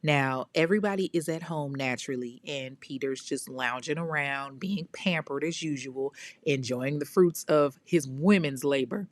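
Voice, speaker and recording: A woman's voice: low voice, moderate pace, no echo. A woman telling a true crime story in a casual, blunt, profane way, full of emphatic asides.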